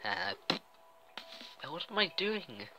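A man's voice: fairly high pitch, sing-song, takes it slowly, loud music behind the voice, low-quality recording. Self-mocking man narrating gameplay. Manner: chatty, self-mocking, rambling. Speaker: gameplay commentator. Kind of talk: casual let's-play commentary.

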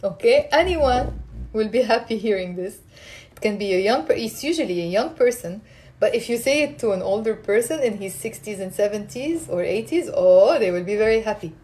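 A woman teaching a live online Arabic lesson, animated and repeating phrases slowly for learners. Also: on the high side.

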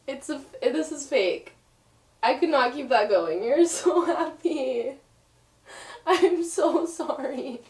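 A woman's voice: high voice, a little mellow. A young woman vlogging with her partner, giggling through her words and apologizing often. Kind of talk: casual couple vlog. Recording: echoey room, mic at a distance.

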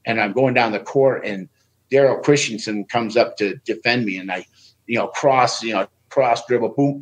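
Guesting on a podcast, this former Olympic wrestler speaks in a mid-range voice, casually recounting stories. He animatedly performs quoted lines in a raised voice, though the recording quality is low.

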